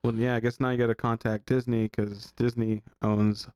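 A man's voice: medium pitch, level tone, moderate pace, a little mellow, smooth, no echo. A man hosting a casual podcast interview, prompting his guest with questions and laughing along. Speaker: podcast host.

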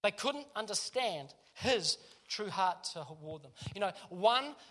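A man preaching a sermon in church, retelling a story with lively joking asides to the congregation. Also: high voice, unhurried.

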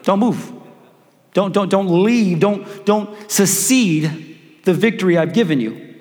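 A male pastor with a high voice delivers an animated, joking sermon. He calls out for the congregation to answer back. His voice rings through the long reverb of a church hall. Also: slow. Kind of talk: preaching a sermon.

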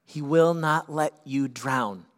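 A male pastor delivering a sermon in a slightly raised voice. He climbs to loud, urgent peaks and then sinks into quiet, earnest stretches. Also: fairly high pitch, slow pace.

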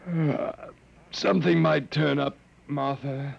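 An actor playing a stubborn, worn-out human captive who swings between defiance and pleading, in an old radio drama. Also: male voice, fairly high pitch, steady tone, slow, vocal fry, breathy edge, heavily acted. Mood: weary. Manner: defiant, then pleading and shaken. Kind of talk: 1950s radio drama acting. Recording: dull lo-fi old radio broadcast.

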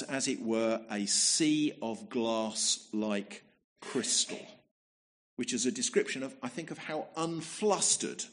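A man delivering a sermon in a relaxed, conversational way, leaning on rhetorical tag questions. He often repeats a word as he restarts a thought. His voice sits in an ordinary middle register. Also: mid-range voice. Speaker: preacher.

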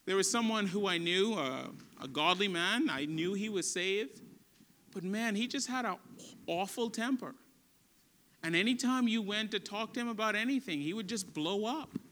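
A man's voice: high voice, normal speed, fairly bright tone, a little hiss or hum. A male pastor preaching an earnest, emphatic sermon in a conversational way.

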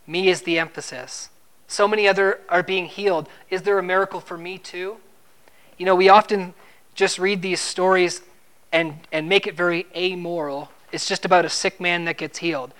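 A man's voice: high voice, fairly even intonation, normal speed, fairly bright tone, smooth. Conversational male preacher asking questions. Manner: conversational, asks the listeners questions; repeats words when stressing a point. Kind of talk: expository sermon.

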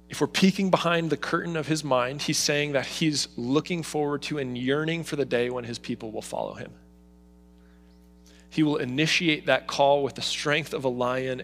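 Man preaching with pleading passion. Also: fairly high pitch. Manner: expressive, voices God's pleading in emotional asides. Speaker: pastor. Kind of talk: sermon.

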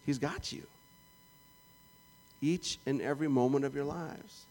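Joking Canadian preacher, slightly high voice. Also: male voice, measured pace, pauses often. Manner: conversational and jokey, acting out little prayers and asides. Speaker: pastor. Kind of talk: sermon.

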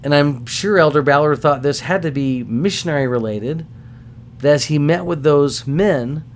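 A middle-aged man hosting a podcast, telling stories casually in an animated, self-deprecating way. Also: a little high, moderate pace, slight background noise. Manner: animated, self-deprecating, acts out voices in anecdotes. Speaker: podcast host. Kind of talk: casual storytelling.

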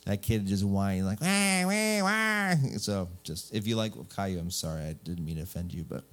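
A male pastor preaching a sermon in a lively, joking way, full of rhetorical questions. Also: low voice, fairly quick.

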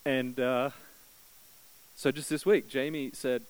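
A man's voice: little pitch movement, takes it slowly, smooth, rough recording. A man preaching a sermon as pastor, telling a story and acting out the voices in it. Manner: storytelling, acts out quoted prayers with rising pitch.

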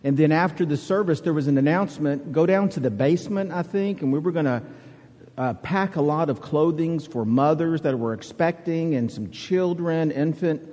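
A man's voice: fairly high pitch, normal speed, mellow. A middle-aged man from Alabama with a Southern accent, preaching a conversational sermon as a guest preacher, joking and folksy. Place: church sanctuary. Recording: reverberant church hall.

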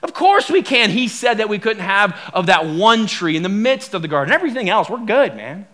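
A casual, confident woman, played by a male preacher in a sermon retelling, very high-voiced and breezy. She brushes off the question loudly and dismissively. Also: big pitch swings, brisk, exaggerated voice.

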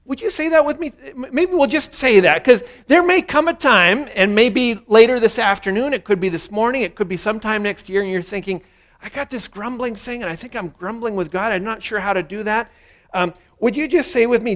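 A male pastor delivering a sermon, his voice sitting noticeably high for a man. He speaks earnestly and leads the listeners through a short prayer for them to repeat. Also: brisk, a bit bright.

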